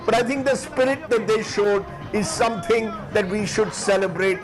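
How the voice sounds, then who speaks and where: A man's voice: high voice, music in the background, crowd noise, poor audio. Teary fervent Indian man commentator. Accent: Indian English. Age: 50s. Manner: fervent, emotional, halting with restarts. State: teary-eyed. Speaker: news commentator. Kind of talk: emotional live news commentary.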